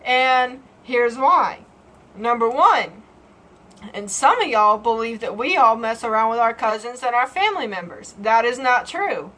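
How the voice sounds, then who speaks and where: A woman's voice: fairly high pitch, expressive, unhurried, sharp tone, rough recording. A young woman from Georgia with a Southern accent, vlogging in a playful, folksy way with an exaggerated drawl. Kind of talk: comedic casual vlog.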